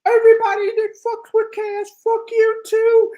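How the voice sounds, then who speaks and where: A squeaky, sobbing debater on a rant. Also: male voice, completely flat delivery, normal speed, warm tone, dull audio, a little hiss or hum. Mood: tearful fury. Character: shrill whiny male rival debater, furious and ranting. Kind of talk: mocking impression on a live audio panel.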